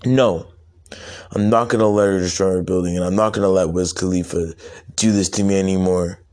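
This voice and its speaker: A man's voice: low voice, steady tone, a little fast, a little mellow, natural voice. A man voicing a hot-headed young male weed business owner who talks bluntly and stammers. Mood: flustered.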